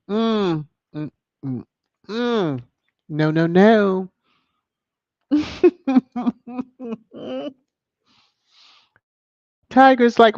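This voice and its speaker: A man hosting a live chat stream, reading viewer comments and reacting with sassy asides and sudden squeals. He talks slowly at a slightly high pitch. The recording is dry and a little dull, close to the mic. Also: darkish tone, dry recording. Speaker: livestream host reading chat.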